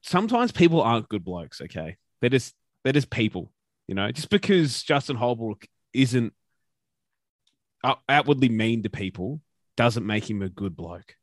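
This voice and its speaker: A man's voice: mid-range voice, expressive, unhurried, no echo, studio quality. A man with an Australian accent talking sports in a casual podcast chat, opinionated and ranting, with some swearing. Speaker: podcast co-host.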